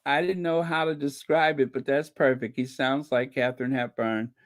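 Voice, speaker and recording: A man's voice: mid-range voice, steady tone, moderate pace. A man hosting a casual commentary stream, chatting loosely with many fillers and restarts. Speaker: channel host. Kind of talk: casual commentary to a live chat.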